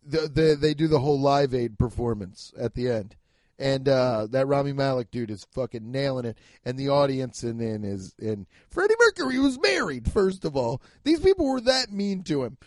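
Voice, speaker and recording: Profane, animated young comedian. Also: male voice, medium pitch, normal speed, dry recording. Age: 20s to 30s. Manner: rambling, profane, animated, bursts of shouting. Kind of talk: comedic monologue.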